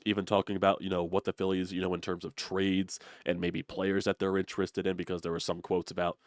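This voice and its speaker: A man's voice: sits low, monotone, fairly quick, no echo, clean studio sound. A congested man with a blocked nose hosting a casual sports talk show, rambling with many fillers. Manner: rambling, lots of "you know" fillers. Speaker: sports channel host.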